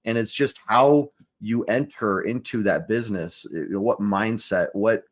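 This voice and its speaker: A male podcast host with a fairly low voice talks in a casual, laid-back way. He fills his thoughts with ums and easy chuckles. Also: measured pace. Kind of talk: casual interview chat.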